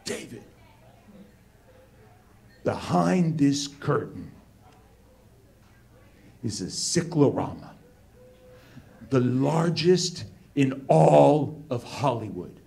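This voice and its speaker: A man voicing a solemn, grandiose male film director who speaks slowly in a hushed, theatrical build-up. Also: mid-range voice, animated, creaky, heavily acted.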